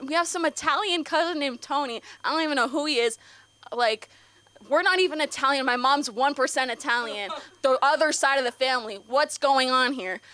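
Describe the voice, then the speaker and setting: A woman's voice: high-pitched, brisk, pushed and bright. Giggly rambling teen girl on stage. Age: teens. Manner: rambling, giggly, lots of fillers. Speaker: open mic comedian. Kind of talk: nervous stand-up set. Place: comedy club stage. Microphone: stage mic.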